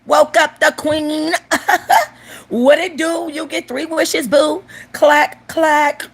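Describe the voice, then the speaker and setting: A woman's voice: high-pitched, level tone, slow pace, creaky, voice pushed up, full character voice. A woman voicing a brash, streetwise female genie who has just been woken from her lamp, talking in a drawling, mouthy way. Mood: sassy.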